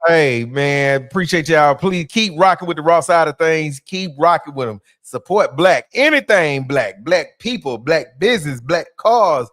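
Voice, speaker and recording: A man's voice: a little high, expressive, a little slow, few pauses, fairly bright tone, no room sound, studio quality. A man, a comedian guest chatting casually on a podcast with lots of fillers and jokes. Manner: laid-back, joking, many fillers.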